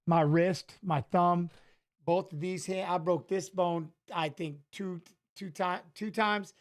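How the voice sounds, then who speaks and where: A man's voice: sits high, steady tone, slow. A middle-aged man, a former fighter, telling loose, rambling stories with frequent restarts during a casual watch-along of a fight. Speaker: former fighter and guest commentator.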